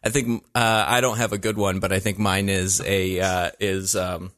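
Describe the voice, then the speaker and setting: A man's voice: low voice, flat delivery, moderate pace, fairly bright tone, dry recording, studio quality. A man co-hosting a casual chat, talking easily with many laughs and hesitant fillers. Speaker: podcast co-host.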